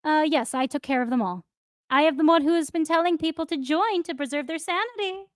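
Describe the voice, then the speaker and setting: A woman co-hosting a podcast in casual chat, teasing and quick to laugh. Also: sits high, no echo, studio quality. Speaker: podcast co-host.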